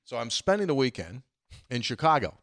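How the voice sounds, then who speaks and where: A man hosting a casual sports chat, telling stories in an animated way and chuckling as he mimics the people he quotes. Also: moderate pace, gravelly, dry recording, studio quality. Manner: animated, acts out quoted voices with big jumps in pitch; chuckles often while telling a story. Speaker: podcast host.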